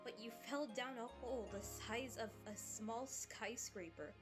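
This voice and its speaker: A woman's voice: fairly high pitch, a little slow, lightly acted. A woman voicing a concerned female companion who scolds an injured hero, in a fan dub. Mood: worried. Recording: music playing under the voice. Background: music.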